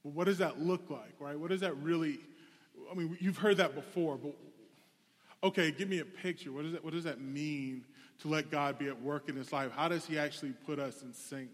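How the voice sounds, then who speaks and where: A young adult pastor preaches a sermon, telling a personal story in a candid, conversational way. His voice is a little high and fairly quick, carried by long hall reverb.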